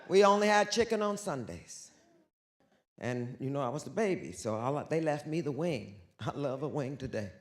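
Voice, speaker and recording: A woman speaking as an author and guest on a theater stage, loud and bawdy, swinging between shouts and hushed whispers. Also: mid-range voice, expressive, normal speed. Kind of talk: animated live stage talk. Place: theater stage before an audience.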